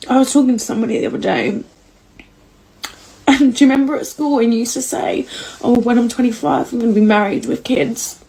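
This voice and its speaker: Tearful British woman venting, gravelly. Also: fairly high pitch, fairly quick, warm tone, low-quality recording. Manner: candid, swears freely, self-pitying. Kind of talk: confessional vlog to camera.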